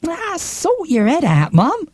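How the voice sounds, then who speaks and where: A man's voice: very high-pitched, huge pitch swings, takes it slowly, no room sound, pitched above the performer's own voice, full character voice. A man voicing a cheeky young child who answers back to Mum in slangy speech. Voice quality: slangy, saucy.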